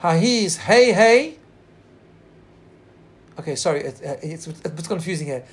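Male Torah teacher, high-pitched, earnest storyteller who drags out quoted lines and stops to find his place. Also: lively intonation. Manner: pauses to share screen and look up text. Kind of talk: Torah class.

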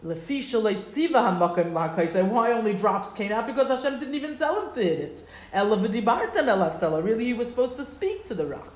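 Animated woman teaching a text class. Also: on the high side, fast talker, hardly any pauses, echoey room. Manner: animated, acts out voices of the crowd. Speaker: Torah teacher.

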